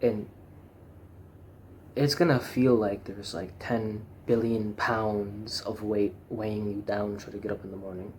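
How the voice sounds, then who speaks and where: Young male vlogger, low-pitched, rambling and blunt, phone-recorded with light background noise. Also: level tone, a little slow, a little mellow. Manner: rambling, frank and swearing, with many fillers and restarts. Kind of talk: casual personal monologue.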